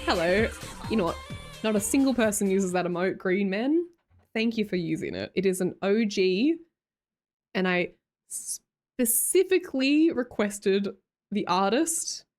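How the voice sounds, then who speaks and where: A young Australian woman chatting casually on a livestream, bubbly and quick to laugh, answering chat as she goes. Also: mid-range voice, expressive, a little mellow, soft background music. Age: young adult. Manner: bubbly, laughs often, reads chat aloud.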